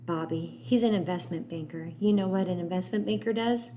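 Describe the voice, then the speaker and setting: Woman doing a gruff grieving old man. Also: fairly low pitch, fairly quick, mellow, a little hiss or hum, close to an everyday voice. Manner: gruff, plain-spoken. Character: grieving older man, gruff but kind.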